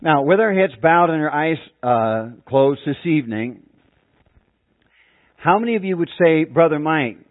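A man preaches with dramatic flair, slowing for emphasis and asking questions of the congregation. His voice sits fairly high for a man. The recording is tinny and phone-like, with no room echo. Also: lively intonation. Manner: dramatic, shouts out acted cries in an illustration. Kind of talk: sermon. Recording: tinny phone-like dry sound.

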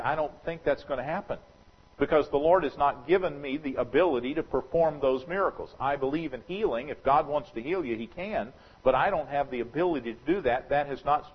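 Preaching an expository sermon, a pastor talks through a scripture passage conversationally and speculatively, slowing to emphasize quoted verses. He has a husky, medium-pitched voice, and the recording's highs are cut off.

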